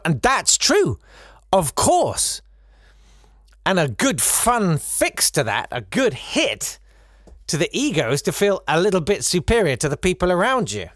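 Sarcastic man with a lively voice. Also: fairly high pitch, moderate pace, no echo, studio quality. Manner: sarcastic, animated, mocking asides. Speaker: comedian. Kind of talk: satirical comic monologue.

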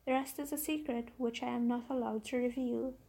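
A woman's voice: fairly high pitch, steady tone, brisk, creaky, dark tone, husky. Woman reading as a troubled merchant. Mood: earnest. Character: troubled loving male merchant.

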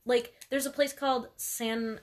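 A woman's voice: on the high side, steady tone, measured pace. A young woman chatting casually as a podcast co-host, ranting emphatically about pronunciation and laughing often. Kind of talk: casual chat.

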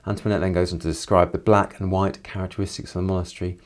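A man with a slightly low voice talks through a novel's chapters. He moves between plain summary and thoughtful commentary, adding his own reactions along the way. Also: flat delivery, quick pace. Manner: reflective, with personal asides. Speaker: literature commentator.

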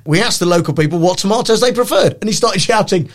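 A man's voice: sits high, fast. A man co-hosting a casual comedy podcast, joking and acting out quotes with laughter. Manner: animated, laughs often, acts out quotes. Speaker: podcast co-host. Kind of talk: casual comedic chat, retelling a TV show.

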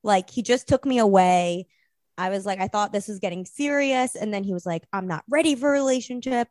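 Casting: young woman, rambling storyteller, mid pitch, dry close sound. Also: brisk, a little mellow, dry recording. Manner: rambling storyteller, acts out quotes. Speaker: podcast guest. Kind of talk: casual chat.

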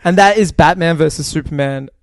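A man's voice: fairly high pitch, brisk, dry recording, studio quality. A man co-hosting a podcast, chatting casually and sarcastically about a film, swearing freely. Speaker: podcast co-host. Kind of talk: casual movie review chat.

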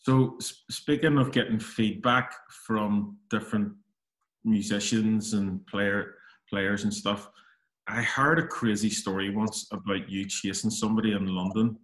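Man, podcast host, relaxed, chatty, low voice, echoey room. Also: unhurried. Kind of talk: casual interview questions.

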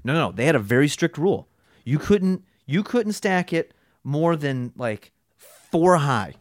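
A man in casual podcast chat, spinning an animated story and jumping into other people's voices to act them out. His voice sits a bit high, and he swears freely. The sound is dry and close, with no room echo. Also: a little slow.

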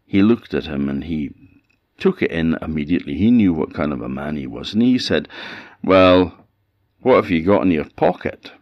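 A man with an Orkney accent telling a folktale in an unhurried, expressive way, in a dull, dry recording. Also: rumbling low, creaky, no echo. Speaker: storyteller.

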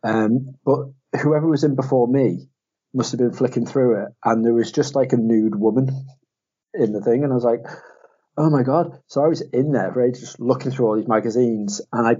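Husky, mellow-voiced man chatting. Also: mid-range voice, fairly even intonation, brisk. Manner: laughs through his stories, chatty. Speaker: podcast co-host. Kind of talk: casual storytelling chat. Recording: muffled lo-fi podcast audio.

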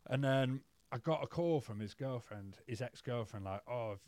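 Man, podcast guest, candid rambling talk, lots of "mate", mid-pitched voice, dead-dry close sound. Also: animated, moderate pace, a little mellow, no echo. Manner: peppers speech with "mate" and swearing; loose, rambling with restarts. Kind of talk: candid casual storytelling.

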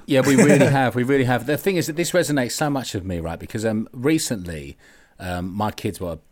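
A man's voice: medium pitch, a little fast, darkish tone, a little hiss or hum. A man in his thirties with a South London accent, chatting as a podcast guest, swearing freely and filling his talk with likes and ums. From England. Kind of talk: casual podcast chat.

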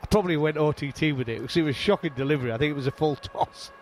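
A man's voice: fairly high pitch, racing, slight background noise. A middle-aged man with a Yorkshire accent, telling stories in a casual chat as a guest. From England. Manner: animated storytelling, frequent restarts. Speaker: guest, former fast bowler.

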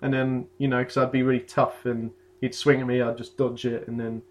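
A man's voice: medium pitch, level tone, a little fast. A man in his twenties tells a story in casual chat, laughing along and acting out the voices of the people in it. A faint hiss sits under the recording. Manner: laughing storyteller, acts out quotes.

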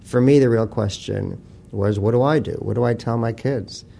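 A man's voice: mid-range voice, moderate pace, creaky, dark tone. A man talking as an author guest in an interview, blunt and profane, telling wry stories. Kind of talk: casual interview talk.

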